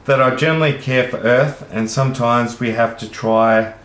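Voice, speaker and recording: A vlogger with an Australian accent delivers an earnest, rambling monologue to the camera, swearing casually along the way. His medium-pitched voice is steady, a bit bright, and moderately paced, with a roomy echo in the recording.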